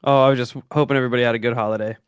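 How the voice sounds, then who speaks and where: A man's voice: medium pitch, fairly even intonation, racing, clean tone, no room sound, studio quality. A middle-aged man co-hosting a podcast over a choppy internet call, talking in a laid-back, slangy way. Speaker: podcast co-host. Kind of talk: casual chat. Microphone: boom-arm mic over a call.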